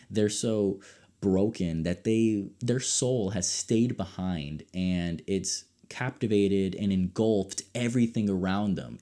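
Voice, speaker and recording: A young man with a low, dark-toned voice reviews a show casually and excitably. He drops into soft mutters, then bursts out loud and high. His pitch sits deep, and his tone stays mellow. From United States. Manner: excitable, animated, swings between low mutters and loud outbursts. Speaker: podcast host reviewing a show.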